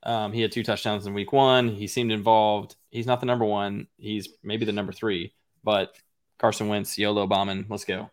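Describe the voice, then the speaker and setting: A man's voice: lowish voice, little pitch movement, moderate pace. A man co-hosting a casual sports podcast, joking and bantering playfully. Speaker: podcast co-host.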